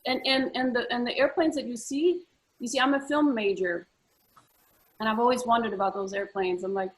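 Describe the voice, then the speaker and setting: Earnest woman chatting, slightly high voice. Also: fairly even intonation, a little fast, poor audio. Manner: earnest, repeats words often, many fillers. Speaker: co-host. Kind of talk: casual conversational chat.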